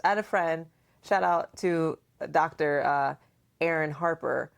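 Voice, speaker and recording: A woman hosting a casual podcast chat, asking questions and acting out remembered dialogue in a playful, animated way. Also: deep voice, unhurried, vocal fry, clean tone. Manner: frequent laughter and questioning. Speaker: podcast host and mother.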